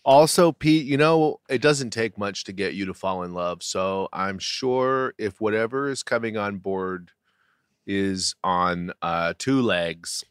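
A man's voice: lowish voice, slow pace, smooth, dry recording. A man co-hosting a podcast in casual chat, with dry, sarcastic teasing. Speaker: podcast co-host.

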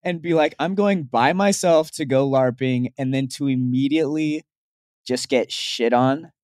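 A man's voice: medium pitch, measured pace, a little mellow, dry recording, studio quality. A young man co-hosting a podcast, teasing his friend and telling rambling stories. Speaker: podcast co-host. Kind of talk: casual chat.

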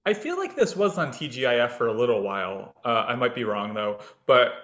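A man's voice: mid-range voice, sing-song, brisk, fairly bright tone, reverberant. Man chatting casually, slightly muffled. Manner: rambling, lots of "like", laughs often. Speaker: podcast co-host. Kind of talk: casual chat. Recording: slightly dull lo-fi sound.

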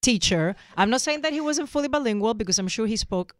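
Animated woman telling teasing stories. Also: a little high, fast talker. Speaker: podcast co-host. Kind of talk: casual chat.

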